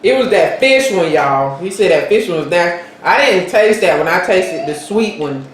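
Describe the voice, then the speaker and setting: Speaking to viewers directly while eating on camera, this female vlog co-host keeps things chatty and relaxed. Her voice leans low, animated, at a moderate pace, captured in a very echoey space with faint background noise.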